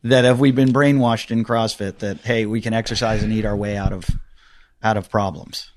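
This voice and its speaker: A man from Pittsburgh hosting a podcast, chatting casually and telling stories in an animated, profane, joking way. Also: on the low side, normal speed. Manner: animated, profane, jokey storytelling. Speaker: podcast host. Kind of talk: casual interview chat.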